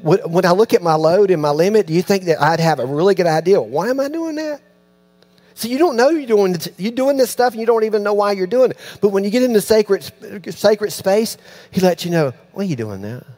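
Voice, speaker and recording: A man preaching a sermon, telling a story with lively, acted-out voices and sudden drops to hushed, near-whispered lines. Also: sits high, fairly quick. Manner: animated storytelling, acts out voices, dropping to near-hushed tones. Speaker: pastor.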